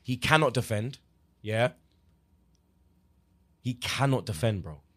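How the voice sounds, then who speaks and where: A man's voice: mid-range voice, lively intonation, slow pace. A young man, a podcast co-host in heated football banter, boisterous and full of slang. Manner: boisterous, slangy, chanting and shouting.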